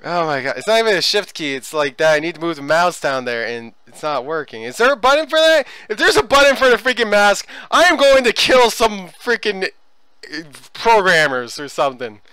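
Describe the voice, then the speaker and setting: Gamer guy with a high, sharp voice, ranting at the game, from yelling to muttering. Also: big pitch swings, moderate pace, smooth. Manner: ranting, swearing at the game, swings between yelling and hushed muttering. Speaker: let's play gamer. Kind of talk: live gameplay commentary.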